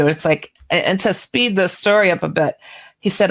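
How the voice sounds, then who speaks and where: A woman guest author telling a story on a radio interview, animated and chatty, laughing now and then. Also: fairly low pitch, moderate pace.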